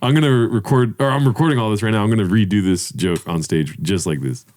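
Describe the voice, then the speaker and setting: A man's voice: fairly low pitch, quick pace, a little mellow. A laid-back man, a comedian hosting a podcast, chatting casually and often saying dude. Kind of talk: casual chat.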